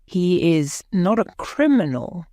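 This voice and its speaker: A woman reading the lines of a calm, mysterious grown man who offers help, in a measured, formal way. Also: on the low side, no room sound, clean studio sound.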